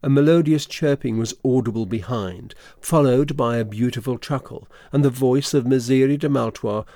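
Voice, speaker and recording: A man narrating a classic story for an audio drama in a measured, literary reading. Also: medium pitch, warm tone, no echo.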